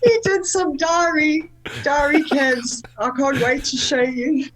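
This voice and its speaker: A woman's voice: sits high, slow pace, a bit bright, poor audio. Chatty woman guest. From South Africa. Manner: chatty, laughs between anecdotes. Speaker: guest, motorcycle traveller. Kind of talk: casual storytelling chat.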